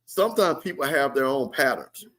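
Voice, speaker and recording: A man's voice: mid-range voice, expressive, moderate pace, a bit bright. Guy hosting a game watch party stream, chatty and slangy, talks to the chat. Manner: chatty, reads viewer comments, loose slangy talk. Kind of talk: live sports commentary chat.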